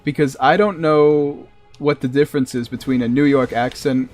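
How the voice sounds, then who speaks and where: A man's voice: mid-range voice, fairly even intonation, normal speed, a little mellow, soft background music. A man with a Massachusetts accent chatting casually while streaming a game, rambling and chuckling between asides. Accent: New England (Massachusetts). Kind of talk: casual chat while gaming.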